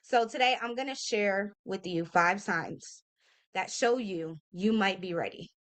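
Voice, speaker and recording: Speaking unhurriedly in a mid-range, fairly bright voice, a motivational vlogger in her thirties delivers a heartfelt, earnest talk to camera. She's emphatic and casual, with slang and fillers, regularly checking in by calling listeners "y'all" and asking "okay?"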